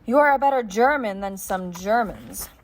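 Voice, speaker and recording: A woman's voice: medium pitch, expressive, moderate pace, natural voice. A woman reading the part of a man, a courteous but chilling SS officer at a dinner table. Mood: smug. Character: smooth, menacing male SS officer.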